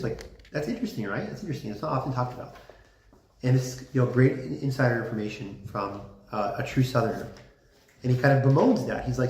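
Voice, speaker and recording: A man giving a casual classroom lecture, chatty and full of fillers, with lively emphasis. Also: mid-range voice, fast. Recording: roomy classroom echo.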